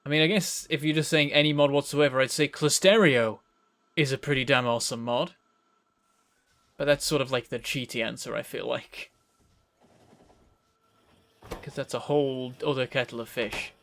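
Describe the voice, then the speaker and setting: A man from northern England with a softened northern English accent, rambling and chatty as he streams a game. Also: mid-range voice, fairly even intonation, moderate pace, pauses often. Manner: rambling, chatty, self-correcting. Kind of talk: casual live-stream game commentary.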